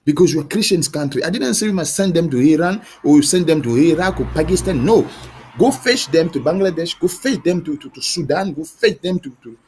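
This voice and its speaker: A man delivering an impassioned monologue to camera, pleading and questioning with halting restarts and repeated words. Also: fairly high pitch, animated, a little mellow, slight background noise. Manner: heated, pleading, repetitive questioning.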